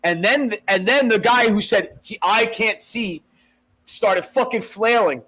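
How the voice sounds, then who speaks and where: A man co-hosting a podcast in casual chat, retelling events in an animated way, swearing and acting out what people said. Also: high voice, unhurried, poor audio. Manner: animated retelling with profanity and acted-out quotes. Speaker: podcast co-host.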